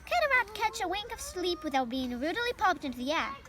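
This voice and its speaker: A woman's voice: extremely high pitch, very animated, fairly quick, heavy background noise, voice pushed up. Templeton, a woman doing a sarcastic grumbling rat. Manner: mocking, disgusted, grumbling.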